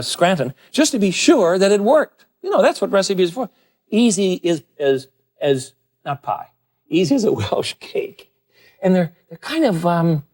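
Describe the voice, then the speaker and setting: A man hosting a TV cooking show, presenting dishes to the camera in an animated, enthusiastic, folksy way. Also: sits high. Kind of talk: TV cooking demonstration.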